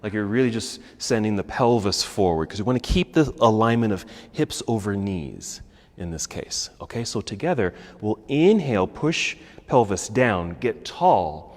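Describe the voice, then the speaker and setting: A man teaching a yoga class, calmly cueing poses and breaths, and he is a little out of breath. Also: on the low side, moderate pace, big-room sound. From United States. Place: yoga studio.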